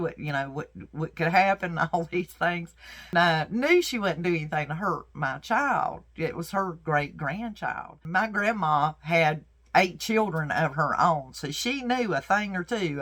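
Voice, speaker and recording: A woman's voice: deep voice, a bit bright. A middle-aged woman herbalist telling a personal story in a folksy, earnest, faith-filled way.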